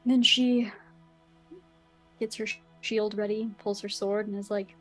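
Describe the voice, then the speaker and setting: A woman's voice: mid-range voice, little pitch movement, measured pace, fairly bright tone, soft background music, low-quality recording. A woman player casually recounting her character's actions in a chatty way. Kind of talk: casual chat.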